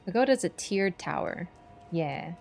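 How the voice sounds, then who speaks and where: A woman's voice: fairly low pitch, expressive, a little slow, vocal fry, darkish tone, faint music behind. A woman streaming a game, chatting casually in a playful, teasing, rambling way. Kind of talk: casual chat while gaming.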